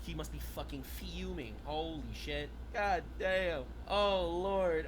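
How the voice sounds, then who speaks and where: A man streaming a reaction to political clips, excitable and loud, with mocking outbursts and frequent laughter. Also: fairly high pitch, takes it slowly, hardly any pauses, a little hiss or hum.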